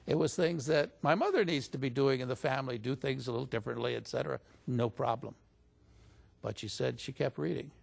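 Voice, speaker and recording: Male interview guest, husky and gravelly, conversational storyteller who voices quotes higher. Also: fairly quick. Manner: animated retelling, pitch jumps up when quoting others.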